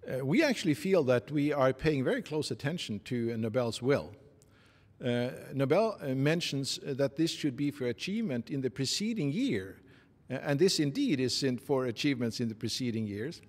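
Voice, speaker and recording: A man with a Norwegian accent giving formal interview answers in a halting, measured way, with many pauses and fillers. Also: medium pitch, very animated. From Norway. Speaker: interviewee, committee secretary. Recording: long reverb.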